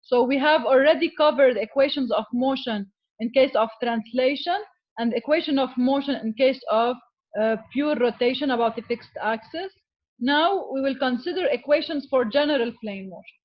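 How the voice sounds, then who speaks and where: A woman's voice: high-pitched, moderate pace, highs cut off. A woman giving a classroom lecture as an engineering teacher, explaining step by step and often checking in with "okay?". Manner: switches to Arabic with students.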